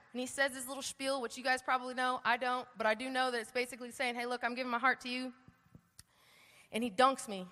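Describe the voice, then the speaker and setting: A woman giving a lively personal testimony at church, acting out the dialogue as she tells it. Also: high-pitched. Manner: animated storyteller, acts out dialogue. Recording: long hall reverb.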